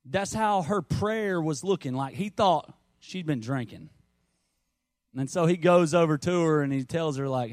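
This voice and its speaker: A man's voice: a little high, unhurried, darkish tone, no room sound. Conversational preacher man, dry sound. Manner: conversational preaching, storytelling with asides. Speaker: pastor. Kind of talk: sermon.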